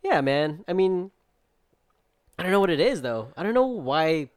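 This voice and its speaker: A man's voice: on the high side, big pitch swings, normal speed, clear, resonant tone, no echo, studio quality. A young man co-hosting a podcast, telling a story in a casual, rambling way with many filler words and acted-out quotes. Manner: rambling storytelling full of filler likes, acting out friends' lines. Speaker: podcast co-host. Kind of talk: casual chat.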